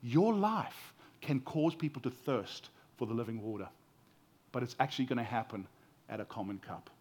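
Man, South African accent, preacher, sermon, earnest, expressive, mid-pitched. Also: moderate pace. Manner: earnest, expressive, rising and falling emphasis.

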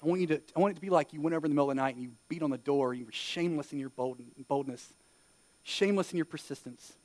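A man in his thirties with an eastern North Carolina accent delivers a sermon in a casual, conversational way. His voice sits high for a man and sounds close and dry, with no room echo. He drops into quick, acted-out bits of dialogue as he talks. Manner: conversational preaching, animated asides and acted-out quotes. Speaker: pastor.

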